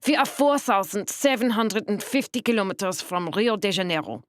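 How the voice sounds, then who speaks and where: A woman's voice: medium pitch, animated, normal speed, dry recording, voice pushed up, lightly acted. A woman voicing a stern German woman passenger who speaks curtly with a thick German accent. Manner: curt, snappish.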